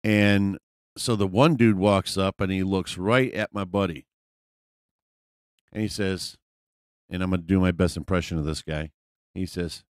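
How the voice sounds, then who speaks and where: A man with a low voice tells a story in a loose, rambling style. He swears freely and leans on fillers. The sound is close and dry, with no room echo. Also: moderate pace, pauses often, clear, resonant tone. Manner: rambling, profane, frequent fillers. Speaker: vlogger. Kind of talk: casual storytelling.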